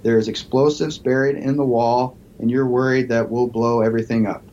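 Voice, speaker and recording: A man's voice: mid-range voice, steady tone, normal speed, a little mellow, dull audio, slight background noise. A man, a police negotiator and psychology professor, telling a story as a podcast guest and acting out the quoted voices.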